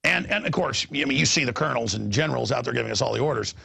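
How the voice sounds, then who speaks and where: A middle-aged man hosting a talk show, rambling in an animated way and repeating his words, with a gravelly voice. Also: very fast. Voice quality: gravelly, husky voice. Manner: excitable, repeats words, jumps between pitches.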